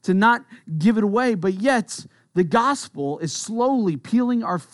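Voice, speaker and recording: A man with a high voice preaches a sermon in an easy, conversational manner. He talks earnestly and tosses in quick asides. His voice sounds dry and close, with no room echo. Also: expressive. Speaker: pastor.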